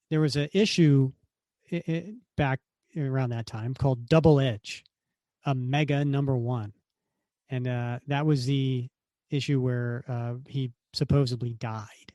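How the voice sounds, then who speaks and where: A man hosting a podcast in casual chat, reading a comic aloud in a relaxed, hesitant way. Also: mid-range voice, slow, no room sound, studio quality. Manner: relaxed, hesitant, many fillers. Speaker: podcast host.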